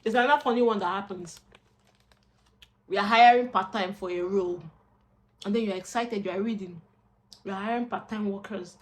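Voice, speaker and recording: A woman's voice: mid-range voice, a little fast, pauses often. Chatty young Nigerian woman vlogging. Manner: expressive, chatty, slips into Pidgin asides. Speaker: vlogger and job seeker. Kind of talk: casual chat to camera.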